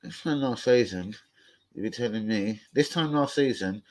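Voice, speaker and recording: A man's voice: on the low side, normal speed, poor audio. Sweary man ranting on a live stream. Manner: foul-mouthed, rambling, excitable rants. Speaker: football fan channel host. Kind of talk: live stream answering viewer comments.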